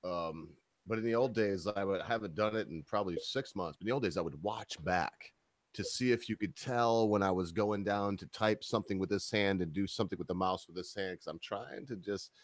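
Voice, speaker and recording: A man hosting a casual livestream chat, rambling and laughing often, sometimes getting loud and excited. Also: lowish voice, brisk, no echo, clean studio sound. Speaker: host.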